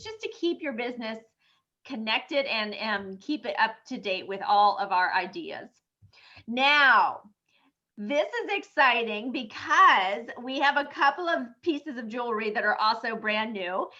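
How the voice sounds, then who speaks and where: A hoarse woman presenting at a sales team meeting as director, upbeat and encouraging, on dull lo-fi video call audio. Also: high-pitched, sharp tone.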